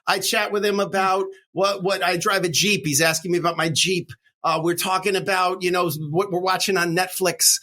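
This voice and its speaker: A middle-aged divorce attorney co-hosting a podcast tells a courtroom story in a worked-up rant, acting out the voices of the people involved. His voice is high-pitched, bright, and forceful, at normal speed with fairly even intonation.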